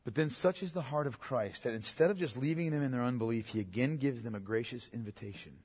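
A man preaching an expository sermon, emphatic and repetitive, swinging from loud declarations to hushed asides. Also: mid-range voice, quick pace, husky, big-room sound. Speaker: pastor.

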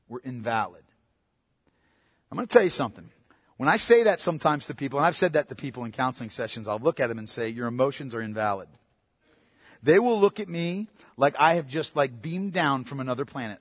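A man preaching a sermon in an emphatic way, swinging from loud to quiet. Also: sits high, big-room sound. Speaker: pastor.

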